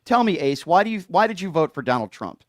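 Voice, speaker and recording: A man's voice: a little high, big pitch swings, fast, no echo, studio quality. A man hosting a call-in radio show, joking with callers in a mock-serious, teasing way.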